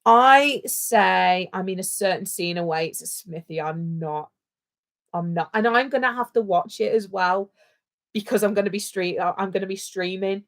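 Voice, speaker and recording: British woman, livestream co-host, rambly and jokey, mid pitch, easygoing chat. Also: normal speed.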